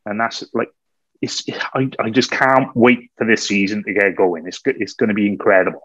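A man co-hosting a podcast, telling a story in a lively way, often laughing and acting out what people said. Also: on the low side, moderate pace, husky, no room sound. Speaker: podcast co-host. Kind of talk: anecdotal storytelling. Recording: slightly dull, dry recording.

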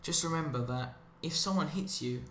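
A man's voice: fairly high pitch, moderate pace, a bit bright, a little hiss or hum. A man giving a rambling, sarcastic monologue as commentary over gameplay, drifting onto tangents. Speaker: commentary channel host. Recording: roomy echo with faint ambience.

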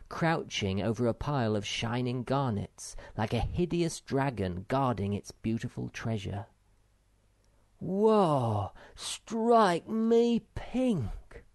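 Slow, gravelly man reading a storybook. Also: lowish voice, dry recording. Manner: expressive, storytelling delivery. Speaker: audiobook reader. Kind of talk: unabridged audiobook narration.

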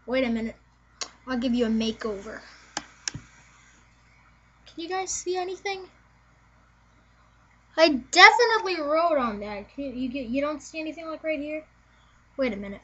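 A young woman chatting to her camera in a rambling, filler-heavy way. Her voice is high, and the home-video sound is dull and lo-fi with a faint hiss behind it. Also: expressive, moderate pace, pauses often, sharp tone. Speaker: vlogger. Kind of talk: casual video chat.

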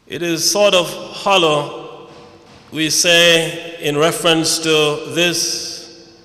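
Male preacher, measured and solemn, bright tone, in a reverberant hall. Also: on the high side, fairly even intonation. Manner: slow, measured preaching with dramatic rising recitation. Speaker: preacher at a memorial service. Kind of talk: sermon. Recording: echoey hall.

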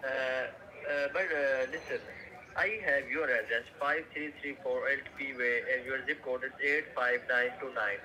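A man making a phone sales call, persistent and halting with many fillers. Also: mid-range voice, steady tone, sharp tone, a little hiss or hum, poor audio. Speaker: telemarketer.

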